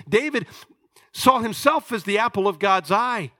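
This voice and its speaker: Man, preacher, high voice, bright and forceful, conversational sermon, loud emphasis and hushed asides. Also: sing-song, unhurried. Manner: conversational, with restarts and rhetorical questions.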